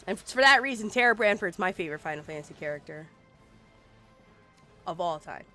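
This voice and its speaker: A woman's voice: medium pitch, normal speed, sharp tone. A woman in her forties, a game streamer, chatting casually and swearing now and then while she plays. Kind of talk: casual live-stream chat. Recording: faint music behind.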